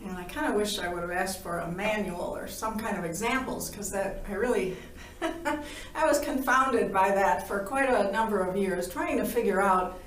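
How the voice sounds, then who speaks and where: A woman's voice: medium pitch, normal speed. Woman telling her story all playful, keeps laughing, voices the back-and-forth, roomy sound a bit away from the mic. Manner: playful, laughs often, acts out dialogue. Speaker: near-death experience witness. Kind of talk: animated personal storytelling. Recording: roomy, from a distance.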